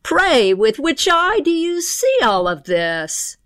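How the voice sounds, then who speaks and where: A sour, wicked old pixie thief from a fairy tale, put on by a woman storyteller. He snaps out short, indignant questions and stretches his threats slowly. The sound is close and dry. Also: high voice, very animated, fairly bright tone, no echo, pitched above the performer's own voice, exaggerated voice.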